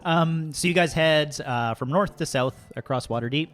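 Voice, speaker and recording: A man's voice: fairly high pitch, moderate pace, soft background music. A man running a tabletop game as game master, talking in a chatty, rambling way full of fillers.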